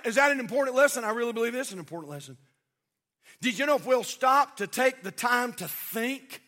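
A pastor, a man, preaches from the pulpit in a strikingly high voice. His tone is bright and forceful, and he animates stories with mimicked voices, swinging from loud exhortation to hushed tenderness. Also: big-room sound. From United States. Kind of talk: sermon. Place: church sanctuary.

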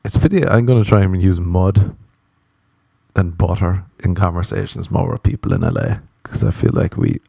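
A man's voice: low-pitched, moderate pace, gravelly, dark tone, no room sound. A young Irish man in his twenties, rambling through a comedic solo chat, profane and self-mocking, close to the mic. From Ireland. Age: 20s.

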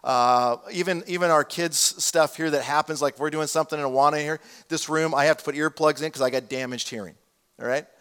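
A man's voice: a little high, fairly quick, smooth. A man preaching a sermon in a conversational way, rising in volume when he reads scripture aloud. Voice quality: damaged hearing, says so. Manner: conversational preaching, swells loud on quoted scripture. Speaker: pastor.

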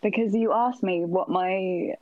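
A woman guest on a comedic podcast, rambling earnestly in a deadpan way. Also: mid-range voice, measured pace. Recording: dull, dry mic sound.

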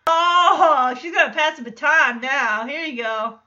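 Woman podcast host, chatty and amused, bright tone, slightly muffled lo-fi recording. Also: sits high, unhurried. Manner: chatty, amused, loose with filler words. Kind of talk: casual episode recap.

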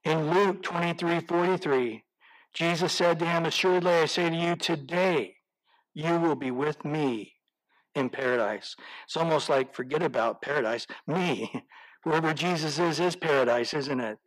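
Guy preaching, fairly high voice, reads verses out and keeps asking isn't that awesome. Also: moderate pace, low-quality recording. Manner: reads scripture aloud with rhetorical questions and chuckles. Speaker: pastor. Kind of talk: sermon.

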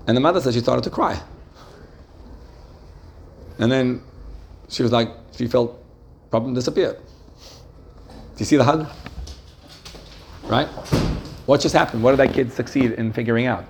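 Male Torah teacher who keeps quizzing his listeners, mid-pitched voice. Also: moderate pace, gravelly, pauses often, darkish tone, a little hiss or hum. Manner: keeps asking the group questions and checking they follow. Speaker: religious teacher. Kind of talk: Torah class lecture to a live group.

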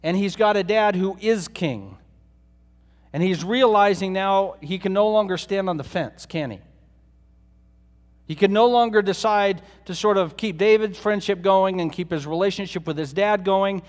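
High-pitched guy preaching, chatty, keeps asking the room questions, long echo like a big hall. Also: normal speed. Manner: conversational, asks rhetorical questions of the listeners. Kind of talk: sermon.

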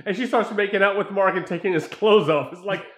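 A man in casual chat recapping a movie, animated and laughing as he acts out scenes. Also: high voice, fairly quick. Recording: echoey room.

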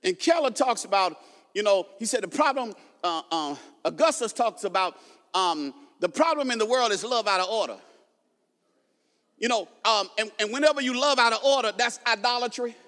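A man preaching in a big hall, his voice pitched very high and ringing bright as it rolls off long reverb. He swings from low asides into shouted emphasis and trips over rapid repeated words. Playful jabs at the audience break up the sermon. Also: expressive. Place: large hall with a stage.

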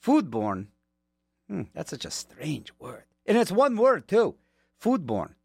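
A man's voice: sits high, big pitch swings, unhurried, gravelly, slightly rough, dry recording. A man working as a radio DJ, chatting casually between songs with rambling, joking asides, from a studio mic.

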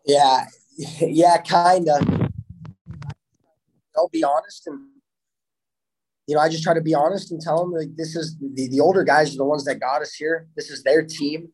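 A man's voice: on the high side, steady tone, moderate pace, pauses often, darkish tone, slightly rough, rough recording. A young man who plays hockey talks casually in an interview. He sounds upbeat, laughs often and tends to repeat himself as he goes. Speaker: hockey player.

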